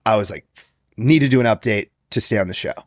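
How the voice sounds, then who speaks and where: A man in his late thirties, a guest comedian telling stories in casual podcast chat, swearing freely and acting out quotes loudly. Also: lowish voice, fast talker, dry recording, studio quality. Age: 30s.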